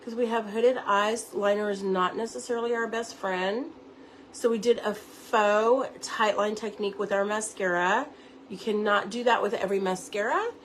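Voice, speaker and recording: A woman's voice: medium pitch, normal speed, slight background noise. A woman giving a chatty live makeup tutorial at home, talking viewers through each step. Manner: chatty, instructive, addresses viewers directly. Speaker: makeup seller and beauty teacher.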